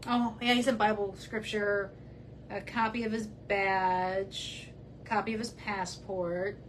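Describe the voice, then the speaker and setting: A woman's voice: medium pitch, fairly even intonation, slow pace, slight background noise, poor audio. Blunt, heated woman commentator. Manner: blunt and heated, talks back to the person she discusses. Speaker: true crime channel host. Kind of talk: casual commentary while reading messages aloud.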